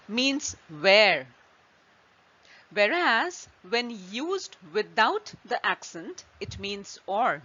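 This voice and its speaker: A woman hosting an online French lesson, explaining patiently step by step with examples. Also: on the high side. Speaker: French teacher. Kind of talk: slow online language lesson. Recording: slightly dull lo-fi recording.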